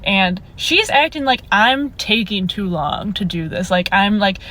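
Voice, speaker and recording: A woman's voice: mid-range voice, expressive, unhurried, bright, forceful tone. A young woman telling a casual storytime, exasperated and incredulous, laughing as she goes.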